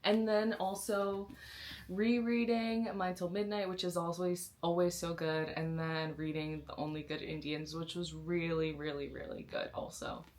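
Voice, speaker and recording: A young woman chatting in a casual reading vlog with a slightly low voice. She gushes excitedly, piling up slang and restarting her sentences as she talks from a bedroom. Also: a little slow. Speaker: book vlogger. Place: sister's bedroom, indoors.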